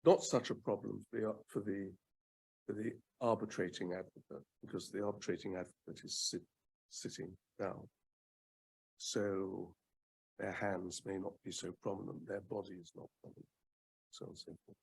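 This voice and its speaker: An older man from the United Kingdom, a former advocate, speaking in a fireside chat. He talks in a measured way, repeats words for emphasis and pauses often with ums. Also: deep voice, flat delivery, vocal fry, a little mellow, a little hiss or hum.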